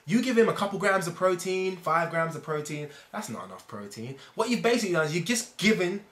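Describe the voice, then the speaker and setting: A man's voice: sits high, sing-song, a little fast, fairly bright tone. A man talking casually to camera as a fitness vlogger, rambling and fond of analogies. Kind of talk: casual explainer monologue. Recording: echoey room.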